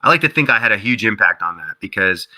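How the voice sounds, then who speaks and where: A man talks through his story as an interview guest, loose and chatty, leaning on "like" and "you know." His voice is very bright and forward, and he jumps up into a higher pitch whenever he acts out what someone else said. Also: fast talker, low-quality recording. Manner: animated storyteller who acts out quotes in a higher voice; heavy use of "like" and "you know". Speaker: interview guest, game developer.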